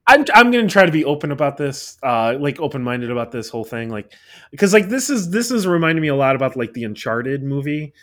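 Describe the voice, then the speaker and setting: A man's voice: mid-range voice, lively intonation, fast. A man in casual podcast chat, playful, pushing back and laughing often.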